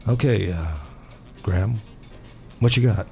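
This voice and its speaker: A man's voice: lowish voice, a little slow, gravelly, mellow. An older man hosting a comedy podcast, chatting hesitantly and with self-deprecating humor. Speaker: host. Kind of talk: casual comedy banter.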